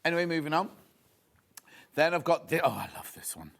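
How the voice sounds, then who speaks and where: A fairly high, gravelly male voice with a sing-song lilt, slightly quick delivery and a bit of brightness. He hosts a live shopping broadcast from a TV studio, gossiping and chatting keenly as he presents fabrics.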